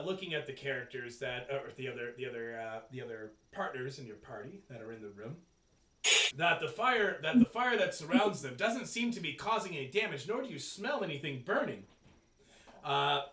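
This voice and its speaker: Man, game master, tabletop game, fairly high voice, swears a lot, filler words, echoey room, far from the mic. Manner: profane, excitable, hesitant with fillers.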